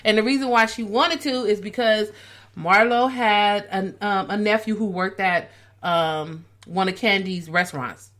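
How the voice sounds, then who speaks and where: A woman co-hosting a podcast, telling stories in a chatty, animated way. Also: medium pitch, unhurried. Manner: chatty storytelling, animated retelling. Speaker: podcast co-host. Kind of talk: casual chat.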